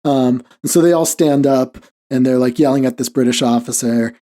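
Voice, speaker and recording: Mellow-voiced man rambling casually. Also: medium pitch, fairly even intonation, normal speed. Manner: rambling, heavy on "like" fillers, chuckles often. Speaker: podcast host. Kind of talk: casual podcast chat.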